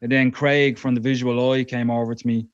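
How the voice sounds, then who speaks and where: A man co-hosting a casual chat over a video call, easygoing and quick to agree and laugh. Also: medium pitch, little pitch movement, clear, resonant tone, dry recording. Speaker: co-host. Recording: dry, dull lo-fi mic.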